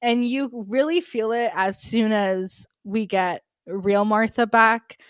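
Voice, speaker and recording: A woman's voice: on the high side, slow pace, smooth, no room sound, clean studio sound. A young woman co-hosting a podcast in casual chat, gushing and laughing often as she talks. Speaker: podcast co-host.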